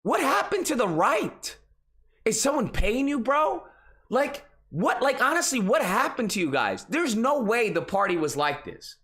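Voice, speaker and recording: Exasperated man ranting, lively pitch. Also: a little slow. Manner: exasperated, profane, mocking. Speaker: political commentary host. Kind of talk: casual ranting commentary.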